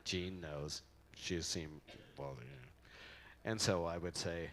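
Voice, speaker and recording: Slow and low-voiced, a middle-aged man gives a rambling, joking eulogy on a handheld mic in a convention hall, performing quotes as he tells stories. His tone is a bit bright, and there's slight background noise.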